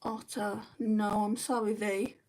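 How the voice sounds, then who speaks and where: Woman, young adult, livestream host, chatty, answering comments, mid-pitched, sitting back from the mic. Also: level tone, a little slow, a little mellow. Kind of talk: casual live chat while doing makeup. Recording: voice a bit distant from the mic.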